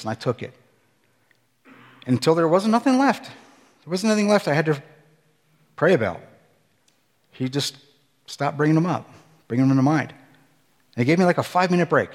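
A middle-aged man, a former pastor, giving an emotional personal testimony sermon, moving between loud emphatic bursts and hushed low passages. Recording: long hall reverb.

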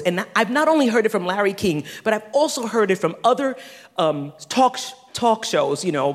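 Animated high-voiced male preacher in a hall. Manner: animated, swinging from loud to hushed, quick asides. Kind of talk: sermon. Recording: long reverb of a large hall.

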